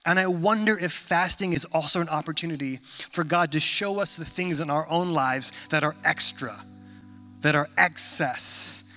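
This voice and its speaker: A man in his thirties preaching a sermon in a conversational, animated storytelling manner. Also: fairly high pitch, moderate pace, soft background music. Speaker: pastor.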